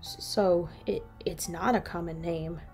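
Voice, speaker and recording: A woman's voice: on the low side, steady tone, a little slow, a little mellow, faint music behind, natural voice. A woman voicing a stuttering, easily shocked doctor troll in a read-aloud fan story. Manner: stuttering, sputtering.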